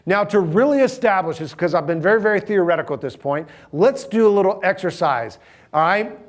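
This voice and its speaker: A man's voice: high voice, expressive, fairly quick. A middle-aged man, giving a sermon in a conversational, humorous storytelling manner and asking the audience questions.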